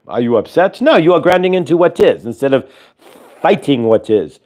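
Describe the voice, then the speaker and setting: A sing-song, slightly mellow voice on the high side carries this host's channeled spiritual teaching at normal speed. Speaking as a collective "we," he instructs and repeats himself, circling back to each point.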